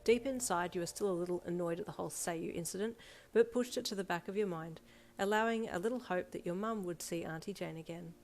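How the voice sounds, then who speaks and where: A woman reading a second-person fanfiction story aloud in a steady storytelling manner. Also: lowish voice, fast, hardly any pauses. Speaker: fanfiction reader. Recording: soft music bed behind voice.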